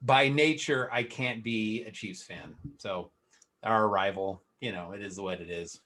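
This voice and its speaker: A man's voice: lowish voice, unhurried, fairly bright tone. A man hosting a podcast over a video call, upbeat and chatty, joking with his guest. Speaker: podcast host. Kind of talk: casual interview chat.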